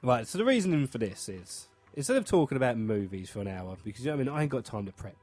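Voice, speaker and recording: A man's voice: medium pitch, sing-song, very fast, over music. A young man hosting a podcast, chatting in a rambling, jokey way and slipping into silly greeting voices. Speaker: podcast host. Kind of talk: casual chat.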